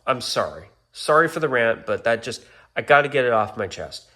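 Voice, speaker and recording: A man's voice: medium pitch, big pitch swings, moderate pace, few pauses, sharp tone. A man talking casually to his channel's viewers, ranting in exasperation and apologizing now and then. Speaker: YouTuber. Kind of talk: casual vlog rant.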